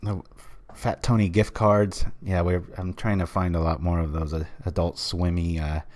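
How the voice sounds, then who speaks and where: A man's voice: low-pitched, level tone, moderate pace, a little mellow. A man from the United States, casually commenting while streaming a card game, rambling with many fillers.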